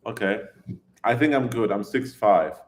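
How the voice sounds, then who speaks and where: A man's voice: on the low side, lively intonation, a little slow. A man chatting casually on a live stream, rambling and oversharing as he answers his viewers' questions and laughs often.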